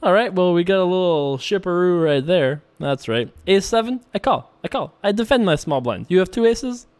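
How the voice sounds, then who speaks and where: A man's voice: high-pitched, animated, normal speed. A man casually commentating his own online poker session, joking and laughing often. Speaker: poker streamer.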